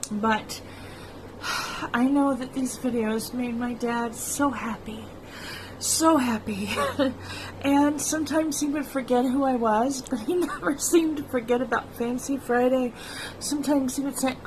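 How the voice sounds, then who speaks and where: A middle-aged woman hosting her own vlog, talking to her viewers in a slow, soft-spoken and personal way. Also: fairly high pitch, background noise. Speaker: vlog host. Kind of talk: heartfelt personal vlog talk.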